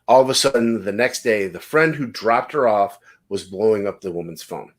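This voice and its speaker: Low-ish dude hosting a podcast, rambly storyteller, swears a lot. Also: male voice, normal speed. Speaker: podcast host. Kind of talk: casual podcast chat.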